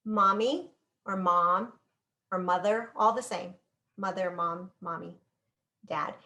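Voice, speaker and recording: A woman teaching basic sign language in an online class, drawing out words slowly as she demonstrates each sign. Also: lowish voice, bright, forceful tone. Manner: slow, demonstrative, drawn-out words while signing.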